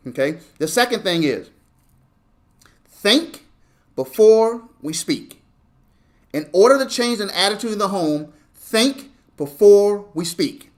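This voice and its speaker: High-voiced male pastor, chatty and direct. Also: fairly bright tone. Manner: conversational, repeats "okay?" to the congregation; acts out parents and kids in quoted voices. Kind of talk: sermon.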